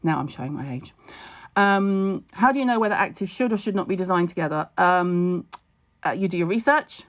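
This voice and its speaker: A woman's voice: on the low side, expressive. Blunt, chatty woman on a home live stream. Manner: chatty, blunt and wry, with asides and quick jokes. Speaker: skincare expert hosting a live stream. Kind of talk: casual live-stream chat.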